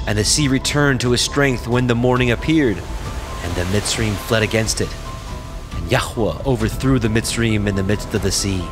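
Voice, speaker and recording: Low-voiced man reading scripture over music. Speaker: scripture reader.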